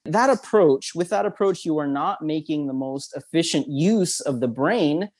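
A man's voice: fairly high pitch, expressive, normal speed, darkish tone. A man with a slightly raised voice talks a listener through a vivid memory exercise. He is upbeat and instructive and chuckles often. He is a guest on an interview. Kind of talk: guided visualization in an interview.

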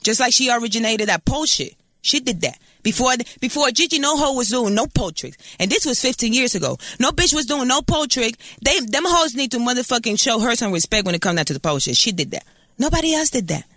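A woman's voice: fairly high pitch, animated, fast, a bit bright, no room sound, studio quality. A woman in her thirties with a Puerto Rican accent, a guest in a casual interview who talks in a brash, profane and boastful way. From Puerto Rico. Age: 30s.

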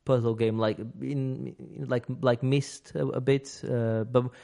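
A man's voice: medium pitch, little pitch movement, slow pace, creaky, mellow. A man hosting a casual games podcast, talking at length, restarting sentences and laughing easily. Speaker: podcast host.

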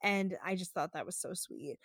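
A woman's voice: lowish voice, moderate pace, fairly bright tone, no echo, clean studio sound. A young woman hosting a podcast, recapping episodes in a rambling, filler-heavy way and slipping into mocking voices. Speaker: podcast host. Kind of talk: casual chat recapping a show.

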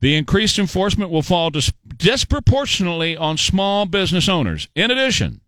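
A man's voice: sits high, very animated, fairly quick, a bit bright, dry recording. A man hosting a talk radio show, delivering an emphatic, sarcastic political monologue with rhetorical questions.

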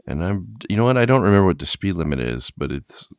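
A man's voice: deep voice, big pitch swings, quick pace, clean tone, no echo. A man, a truck driving partner, chatting in an easygoing way with dry asides. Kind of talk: casual chat.

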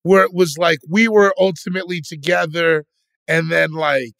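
A comedian co-host in a casual podcast chat, pushing back with jokey skepticism. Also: male voice, a little high, fairly even intonation, normal speed, creaky, fairly bright tone, no room sound, studio quality.

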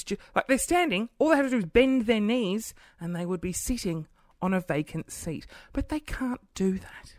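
A woman's voice: a little high, darkish tone, no echo, studio quality. Exasperated thirty-year-old woman ranting. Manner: exasperated, swears freely, acts out scenes. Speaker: podcast host. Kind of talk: ranting casual monologue. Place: at home by a computer.

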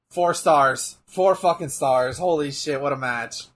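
A man co-hosting a casual watch-along chat, excitable and profane, shouting out his reactions. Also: fairly high pitch, measured pace, few pauses. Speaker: co-host.

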